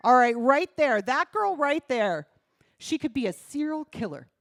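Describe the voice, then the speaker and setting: A woman's voice: high-pitched, sing-song, a little slow, no room sound, clean studio sound. A woman from New doing stand-up comedy on a comedy club stage, punchy and self-deprecating, talking straight to the crowd. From New Jersey.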